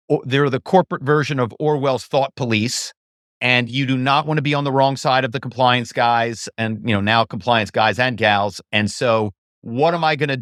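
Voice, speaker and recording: A former actor and author, appearing as a podcast guest, tells stories in a casual interview and animatedly acts out phone calls in different voices. His voice is medium in pitch, recorded clean in a studio with no room sound.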